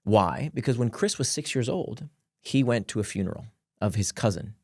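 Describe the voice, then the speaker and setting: A man, a guest author, explaining his ideas in casual conversation, animated and laughing between points. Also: medium pitch, normal speed, dry recording, studio quality.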